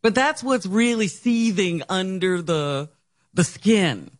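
Radio sidekick, a man with a lively higher voice, quick teasing asides, dry studio. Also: no echo. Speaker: radio co-host. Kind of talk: on-air banter.

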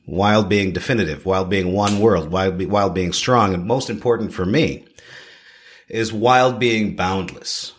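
Man, 30s, from Canada; low-pitched, expressive guest chef, repeats phrases for emphasis. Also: measured pace, a little hiss or hum. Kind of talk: podcast interview.

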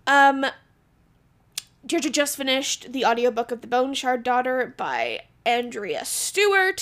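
This young woman co-hosts a podcast and comes from Alberta, Canada. Her voice is high-pitched, creaky and slightly bright, and she chats casually in a bubbly manner, laughing a lot.

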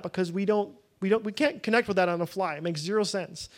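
A man's voice: high voice, fairly quick, hardly any pauses. A young man leading a prayer-room teaching, talking casually with lots of fillers, restarts and self-deprecating asides, into a podium microphone. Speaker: prayer leader.

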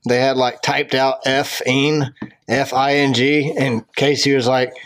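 A man's voice: mid-range voice, little pitch movement, slow, a bit bright. A man co-hosting a casual comedy podcast, telling rambling stories and laughing along. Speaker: podcast co-host.

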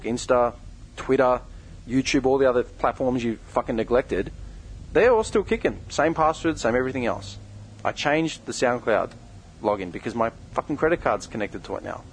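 A man's voice: medium pitch, a little hiss or hum, low-quality recording. A young man who co-hosts a podcast, delivering a heated, confrontational rant full of swearing. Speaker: podcast co-host. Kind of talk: angry direct-address rant.

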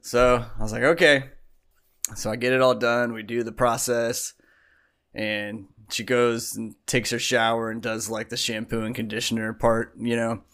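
Speaking at a moderate pace in a slightly bright, mid-range voice with little pitch movement, a man co-hosting a podcast spins a lengthy, rambling story. The relaxed chat is packed with fillers and side remarks.

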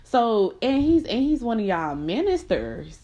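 A young adult woman telling a personal story in a casual, slangy, blunt way, laughing between lines and jumping into high mocking voices when she quotes people. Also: big pitch swings, a little slow, warm tone, muffled recording.

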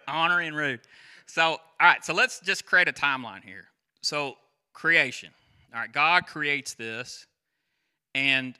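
Bright-voiced man preaching casually. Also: medium pitch, smooth. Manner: chatty, asks the crowd questions, goes off on tangents. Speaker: pastor. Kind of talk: conversational sermon.

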